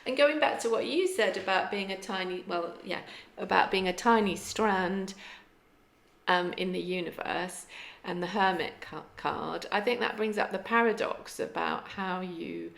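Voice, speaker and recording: A woman with a gravelly, fry-tinged voice talks over a kitchen table in a reflective, hesitant way, pausing to search for words. Her voice bounces around a roomy, echoing space. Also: medium pitch, fairly bright tone. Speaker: podcast co-host and tarot reader. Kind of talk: casual chat. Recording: echoey kitchen room.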